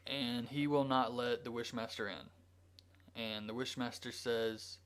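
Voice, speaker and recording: A man's voice: mid-range voice, steady tone, slow, a bit bright, clear, resonant tone. A man reviewing a movie, retelling the plot in a loose, rambling way with frequent filler words. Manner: rambling, with frequent ums and likes. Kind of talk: casual plot recap.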